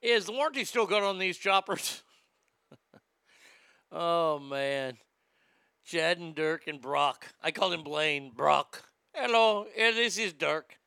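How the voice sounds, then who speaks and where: A man's voice: fairly high pitch, takes it slowly, gravelly, pauses often, bright, forceful tone, clear, resonant tone, no room sound, clean studio sound. A middle-aged man hosting comedic commentary, mocking and sarcastic, laughing often and slipping into silly voices. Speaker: host.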